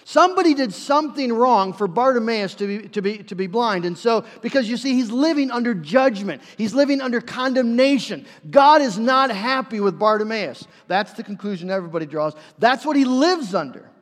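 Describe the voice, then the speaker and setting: High-voiced preacher in an echoing hall. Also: male voice, lively intonation, brisk, few pauses. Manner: earnest storytelling with acted-out quotes. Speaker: pastor. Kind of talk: sermon. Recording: long hall reverb.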